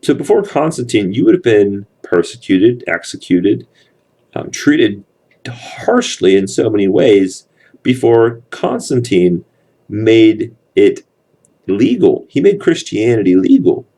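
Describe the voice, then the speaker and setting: A man's voice: lowish voice, very animated, slow pace, dark tone, husky. A man teaching a history class, explaining step by step and often checking in with his students. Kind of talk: classroom lecture.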